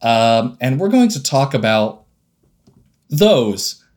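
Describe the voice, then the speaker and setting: A man co-hosting a casual podcast, his pitch swinging widely up and down as he talks. He sounds eager and excitable, with an ordinary middle pitch at rest. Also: slow. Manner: enthusiastic, excitable. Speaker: podcast co-host.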